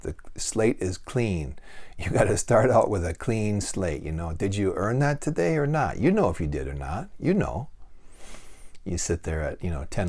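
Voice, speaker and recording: A man's voice: deep voice, a little mellow. A man talking straight to camera in a casual monologue, blunt and folksy, swearing freely and asking rhetorical questions. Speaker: vlogger giving life advice.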